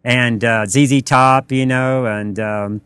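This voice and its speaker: A man's voice: medium pitch, steady tone, fairly bright tone, smooth, dry recording. Middle-aged restaurant guy rambling thru stories, lots of uhs, dry close sound. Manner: rambling, halting, full of fillers. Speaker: restaurant owner. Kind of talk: casual storytelling interview.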